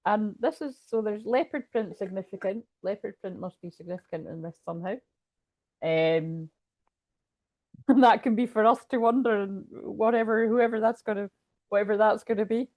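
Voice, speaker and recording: A woman's voice: medium pitch, normal speed, a little mellow. A Scottish woman talking casually at home as a tarot reader, rambling and laughing often. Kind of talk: casual livestream chat.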